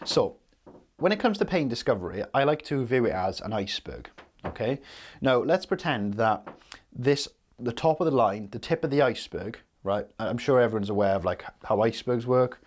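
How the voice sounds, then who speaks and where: A man's voice: medium pitch, lively intonation, normal speed. A man coaching on sales in a casual teaching style, talking directly and checking in often with "okay?" and "right?".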